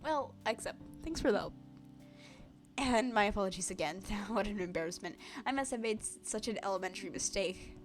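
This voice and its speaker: A woman voicing a formal, apologetic older male scientist who speaks in a measured, precise way. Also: medium pitch, animated, soft background music, close to an everyday voice.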